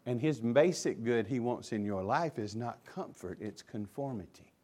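A man preaching a sermon as pastor, impassioned and swinging between loud emphasis and hushed asides. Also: medium pitch, animated, moderate pace.

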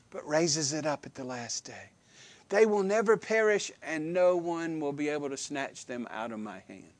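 A man preaching a sermon, emphatic and animated, with repeated phrases and questions to the congregation. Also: a little high, moderate pace, no echo.

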